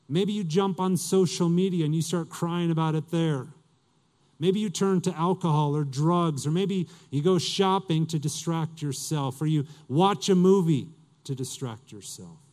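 A man's voice: high-pitched, a little mellow. A male pastor preaching a sermon in a conversational way, asking his listeners questions and reading scripture aloud.

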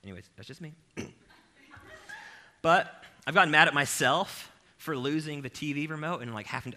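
Male preacher, bright ringing tone, jokey and self-mocking, talks right to the crowd. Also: a little high, brisk. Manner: animated, self-deprecating, addresses the crowd directly. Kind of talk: humorous conversational sermon.

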